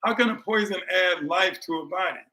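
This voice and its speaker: A man's voice: high voice, brisk, bright, forceful tone, poor audio. A man hosting a live health talk to his audience, emphatic and preachy, repeating his points and laughing between them. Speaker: health speaker and show host.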